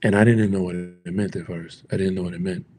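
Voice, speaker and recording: Fairly quick and fairly even in intonation, an American man's low, dark voice comes through with a little hiss or hum. Talking casually to camera, he teaches Spanish phrases for travel and rambles with lots of "like" and "you know."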